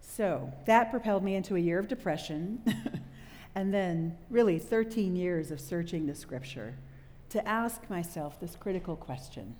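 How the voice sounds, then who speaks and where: A middle-aged woman preaching a sermon to a live audience, telling a story with animated delivery and quizzing the listeners. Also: lowish voice, normal speed. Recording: long hall reverb.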